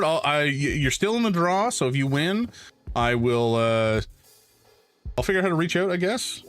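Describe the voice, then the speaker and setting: A man's voice: fairly high pitch, animated, moderate pace, a bit bright, soft background music. A man streaming a game, chatting casually and wryly with his viewers. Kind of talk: live game commentary.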